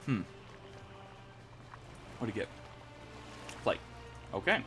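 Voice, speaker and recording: A young man talks his way through a card game at a relaxed, unhurried pace. His pitch swings widely, leaping into squeaky disbelief when a move surprises him. Soft game music hums behind him. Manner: animated, jumps into high squeaky exclamations. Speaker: gaming channel host. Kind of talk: casual gameplay commentary.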